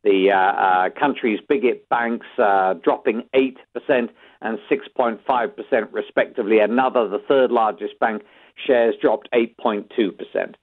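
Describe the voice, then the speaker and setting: A British man reporting as a news correspondent, measured, with frequent fillers. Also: on the low side. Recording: tinny phone line.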